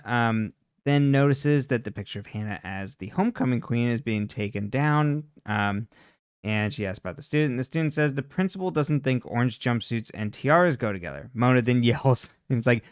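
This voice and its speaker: A man co-hosting a podcast, casually retelling a TV episode in a rambling way, full of fillers and quick quoted lines. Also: mid-range voice, clear, resonant tone, dry recording, clean studio sound. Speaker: podcast co-host recapping a TV episode. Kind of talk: casual recap chat.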